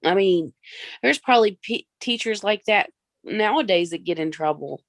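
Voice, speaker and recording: A woman's voice: mid-range voice, animated, moderate pace, no room sound, studio quality. Sympathetic woman chatting along. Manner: brief, sympathetic interjections. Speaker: listener in the chat. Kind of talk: casual chat.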